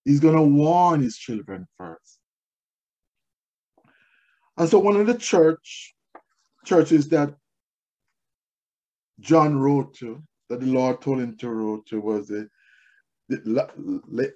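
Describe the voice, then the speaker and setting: A man's voice: lowish voice, warm tone, muffled recording. A man preaching a sermon as pastor, telling personal stories and repeating key phrases for emphasis. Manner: tells personal stories to make points.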